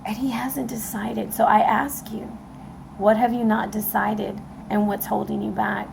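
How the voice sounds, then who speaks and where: A woman giving a casual tarot reading to camera, excitable and emotional, talking straight to her viewers. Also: medium pitch, measured pace, vocal fry, noisy background. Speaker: tarot reader. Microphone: camera mic.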